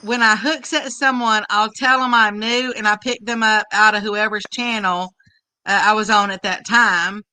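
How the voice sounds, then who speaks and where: A woman's voice: mid-range voice, fairly even intonation, moderate pace, sharp tone, clear, resonant tone, low-quality recording. A woman reading viewer comments aloud during a live stream, in a friendly casual way.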